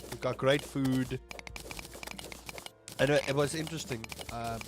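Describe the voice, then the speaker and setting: A young man with a South African accent and a mid-range voice rambles casually during a gaming livestream. Every so often he lets out an exclamation at a mishap.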